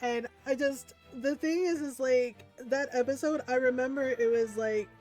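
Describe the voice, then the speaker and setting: High-voiced chatty woman game streamer. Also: normal speed, faint music behind. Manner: chatty, laughs often, animated storytelling. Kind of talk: casual gameplay stream chat.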